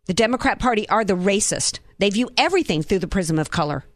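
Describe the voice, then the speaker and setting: A woman's voice: mid-range voice, lively intonation, fast talker, no room sound. Woman from the Southern US, political commentator, indignant, rhetorical questions, dry close sound. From Southern United States.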